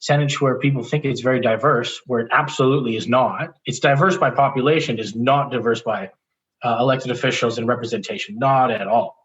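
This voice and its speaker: A man speaks as an interview guest at a middle pitch. He tells a personal story in an animated, candid way, often restarting his sentences. The sound is a little dull and muffled. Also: a little fast, a little hiss or hum. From Canada. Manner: animated, restarts often, laughs while telling.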